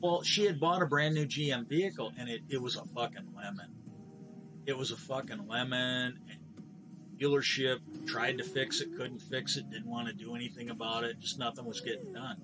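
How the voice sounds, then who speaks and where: A man's voice: mid-range voice, normal speed, noisy background. A middle-aged man streaming a game, telling a long story in a bitter, profane, rambling way with frequent restarts. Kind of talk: casual ranting storytelling while gaming.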